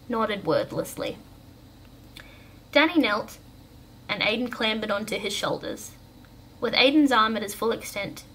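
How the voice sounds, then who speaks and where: A woman storyteller reading a bedtime story aloud in a calm, gentle way. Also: mid-range voice, a little hiss or hum.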